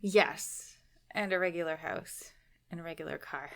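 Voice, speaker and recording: A woman co-hosting a podcast in casual chat, playful and quick to laugh along. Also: sits low, gravelly, a bit bright. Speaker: podcast co-host.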